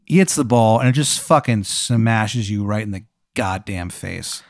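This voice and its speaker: A man's voice: lowish voice, a little slow, no echo, clean studio sound. Rambling, profane male storyteller. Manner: rambling, profane, lots of fillers and silly voices. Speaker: podcast host posing a hypothetical. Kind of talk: improvised comedic storytelling.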